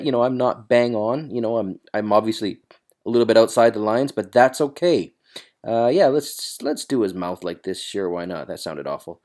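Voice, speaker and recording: Chatty man walking through a software tutorial. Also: mid-range voice. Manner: chatty, loose, thinks aloud with fillers. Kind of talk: casual screen-recorded tutorial.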